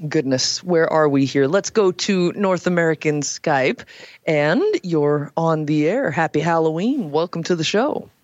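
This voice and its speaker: A woman hosting a late-night call-in radio show, chatty and animated, with playful asides. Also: low-pitched, measured pace, no echo, dull audio. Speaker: radio talk show host. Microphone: headset.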